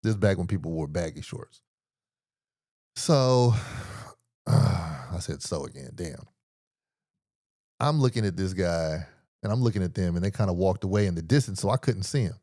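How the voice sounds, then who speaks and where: An animated podcast host with a lowish, mellow voice tells a casual story at a moderate pace, pausing often and peppering it with slang and swearing. He acts out other people's lines, and the audio is dry and close without room echo.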